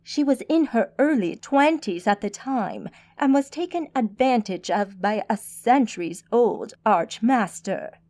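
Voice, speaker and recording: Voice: mid-range voice, lively intonation, measured pace, hardly any pauses, darkish tone. A woman narrator voicing an earnest, centuries-old mage speaking in defence of a friend, in an audiobook.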